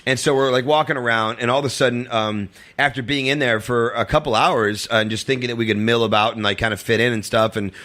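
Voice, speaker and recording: A man guesting on a talk show, telling a long rambling story, full of fillers and acting out quotes in a higher voice. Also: steady tone, fast, hardly any pauses, fairly bright tone. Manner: rambling, filler-heavy, acts out quotes in a high voice. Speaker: comedian guest. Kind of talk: casual storytelling chat.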